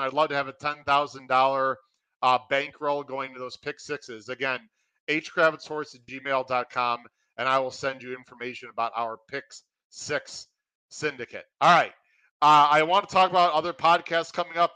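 A man runs a live podcast with an upbeat, hype-building energy. His voice is bright and a little high, recorded close and dry with almost no room sound. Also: clear, resonant tone, no echo, low-quality recording. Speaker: podcast host.

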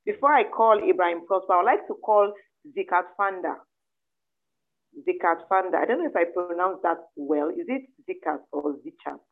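A woman's voice: lowish voice, brisk, hardly any pauses. A woman hosting an online event who politely and hesitantly calls up speakers and checks how to say their names. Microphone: online call audio. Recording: tinny phone-like call line.

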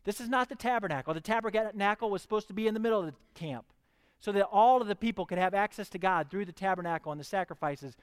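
A man's voice: high-pitched, fast, clear, resonant tone, in a large hall. A man preaching a sermon, reading scripture aloud and pressing his listeners with questions. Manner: reads scripture, then preaches with rising fervor.

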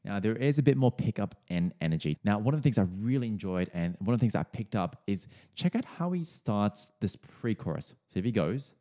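Man, singing coach, somewhat low voice, friendly, explanatory, casual fillers. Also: big pitch swings, fairly quick, hardly any pauses, mellow. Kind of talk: explaining a song's vocals to viewers.

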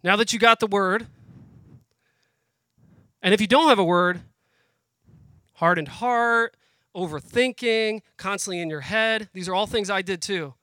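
A man's voice: high voice, bright, forceful tone, no echo. A man in his thirties preaching a sermon, earnest and conversational, getting emotional as he speaks to the crowd. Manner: emotional, pauses and restarts as he speaks. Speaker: guest speaker at a family worship program.

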